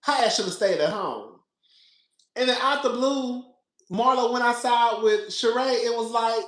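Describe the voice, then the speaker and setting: A man with a very high-pitched voice speaks at a measured pace in an echoey room, hosting a podcast of casual reality TV commentary. He comes across sassy, laughing a lot, repeating himself, and calling listeners "girl."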